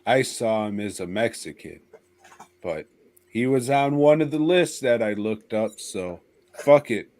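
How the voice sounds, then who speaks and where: Slow-talking low-voiced man. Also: expressive, darkish tone. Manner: wry, drawn-out joking. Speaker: podcast co-host. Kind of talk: casual chat.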